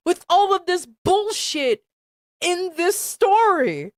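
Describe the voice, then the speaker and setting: A woman's voice: very high-pitched, big pitch swings, slow, dry recording, studio quality. A woman streamer reacting to a text she reads aloud, ranting and swearing in exasperated disbelief and repeating herself. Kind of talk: live-stream reading reaction.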